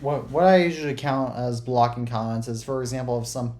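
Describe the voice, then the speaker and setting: A podcast co-host in casual chat who talks haltingly and sarcastically, restarting sentences often. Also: mid-range voice, fairly even intonation, darkish tone, a little hiss or hum.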